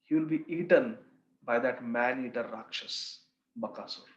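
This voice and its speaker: A man's voice: mid-range voice, normal speed, fairly bright tone, pitched below the performer's own voice, natural voice. A man voicing a grieving, pleading poor village woman in a retold scripture story. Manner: imploring, grieving. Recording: roomy, slightly dull recording.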